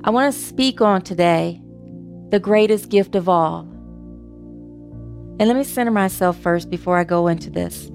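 A woman's voice: lowish voice, moderate pace, vocal fry, pauses often, soft background music. A woman giving a casual sermon to her spiritual community, chatty, with restarts and a joke. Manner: chatty and warm, with restarts and a joking anecdote. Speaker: speaker giving the talk at a spiritual community service.

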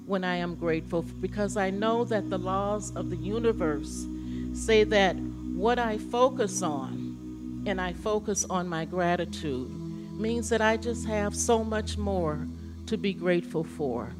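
A woman's voice: mid-range voice, animated, a little slow, music in the background. A woman in church leading a spoken gratitude prayer, meditative and repetitive.

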